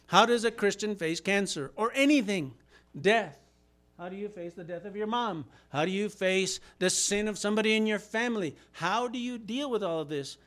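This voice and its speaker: Guy preaching a sermon, pretty high voice, gets all fired up and shouts, acts out little quotes. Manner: impassioned preaching with acted-out quotes and rising shouts. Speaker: pastor.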